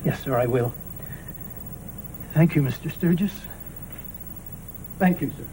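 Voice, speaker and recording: A humble worn-out worker. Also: male voice, on the high side, slow pace, mellow, slight background noise, poor audio. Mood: weary. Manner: deferential and weary. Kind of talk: 1970s TV period drama.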